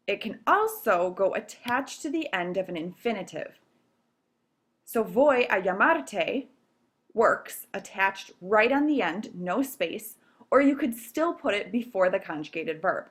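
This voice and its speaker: A woman's voice: mid-range voice, expressive, a little slow, fairly bright tone, breathy edge. A woman teacher explaining grammar rules step by step in a recorded video lesson, patient and checking in with "okay?" often. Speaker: Spanish teacher.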